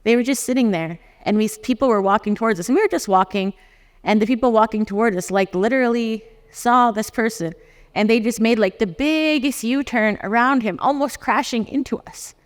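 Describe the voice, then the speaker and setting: Speaking a little fast in a mid-range voice, a lawyer from Canada in their forties tells personal stories at a conference and animatedly performs the dialogue, often breaking into laughter. The hall adds a long reverb to the recording.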